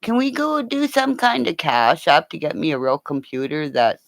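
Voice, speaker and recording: A woman's voice: sits low, big pitch swings, normal speed, dry recording. An older woman signing off a livestream from home on her computer, rambling and joking crudely. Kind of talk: casual livestream sign-off chat. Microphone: computer mic.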